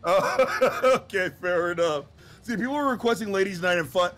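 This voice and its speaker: A man hosting a stream from home, excitable and laughing hard and often as he chats. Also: high-pitched, moderate pace, faint music behind. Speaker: streamer host. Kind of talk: casual stream chat. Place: home streaming setup in Florida.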